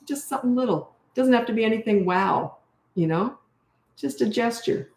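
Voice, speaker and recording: A woman's voice: a little high, lively intonation, normal speed, darkish tone, reverberant. An older woman coaching parents in a casual live Q&A, talking directly with plenty of fillers. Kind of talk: live Q&A, reading and answering comments.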